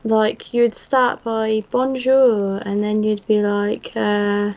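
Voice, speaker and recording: A woman co-hosting a casual darts watch-along chat, giggly and talkative, cheering loudly at big shots. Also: mid-range voice, little pitch movement, slow. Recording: dull lo-fi stream audio.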